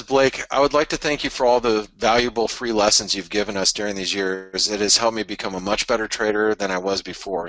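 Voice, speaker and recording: A man hosting a trading webinar, reading out listener messages in a casual, halting way with fillers and chuckles. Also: lowish voice, pushed and bright, rough recording.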